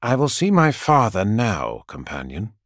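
Sanguinius, a man voicing a calm noble angel-prince. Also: fairly low pitch, measured pace, no room sound, studio quality, full character voice. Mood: calm resolve.

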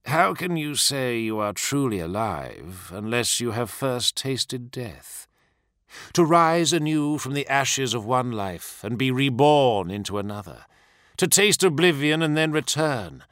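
Man doing a purring demon prince, mocking, slow, bright lively voice, dry sound. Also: mid-range voice, no room sound, voice pushed up. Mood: silken mocking. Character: possessed demon prince, male, silken and mocking.

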